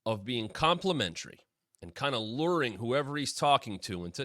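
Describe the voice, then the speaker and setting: A man hosting his own wrestling talk show, giving casual solo commentary and quoting people in quick asides. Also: medium pitch, no room sound, clean studio sound. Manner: animated, drops into quoted voices.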